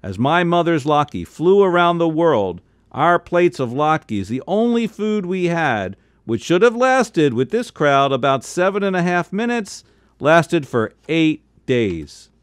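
Guy reading a kids story out loud, bouncy voice, squeaks up high for the family's lines. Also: slow, clear, resonant tone, no room sound, clean studio sound. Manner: jumps into high excited voices for family members' quotes. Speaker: cantor reading a bedtime story.

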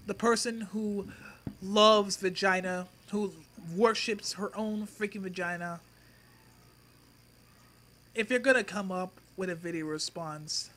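A man ranting in a mocking response video, sneering and insulting with drawn-out pauses. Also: high-pitched, sharp tone. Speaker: YouTube commentator.

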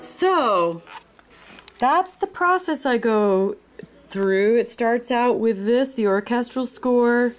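A woman narrating a screen-recorded tutorial, explaining her steps in an unhurried way with frequent ums. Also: fairly high pitch, faint music behind. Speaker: music software instructor.

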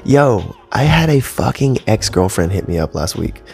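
A man's voice: fairly low pitch, sing-song, moderate pace, vocal fry, a little mellow, faint music behind. A man in his thirties hosting a casual solo podcast from home, talking bluntly with lots of swearing and rambling asides. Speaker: podcast host. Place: home studio with cables. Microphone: podcast mic.

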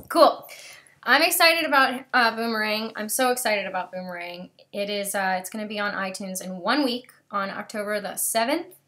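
A woman's voice: mid-range voice, moderate pace, sharp tone. A bubbly young woman hosting a casual live stream from home, gushing and talking straight to her viewers over a webcam.

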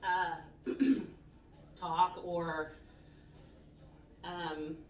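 A woman's voice: fairly low pitch, little pitch movement, very slow, slight background noise. A woman in a casual home workout vlog, counting her reps aloud and chatting frankly while a little out of breath. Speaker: vlogger doing a home workout. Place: room at home. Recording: echoey room, voice from a distance.

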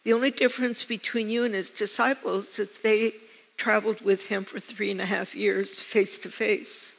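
Her voice medium-pitched, steady, and creaky, an older woman from the United States preaches at a normal speed. As pastor, she relates personal stories through earnest, emphatic repetition, with long reverb ringing through the church sanctuary.

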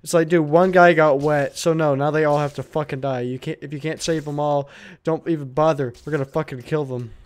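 A man's voice: fairly high pitch, steady tone, a little fast, clear, resonant tone. Profane ranting young gamer guy. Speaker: gamer co-host. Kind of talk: casual let's-play commentary.

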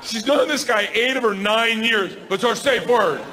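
A man doing stand-up storytelling on a club stage, rowdy and profane, often shouting. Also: very high-pitched, moderate pace. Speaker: stand-up comedian. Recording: stand-up club, crowd laughter, noise.

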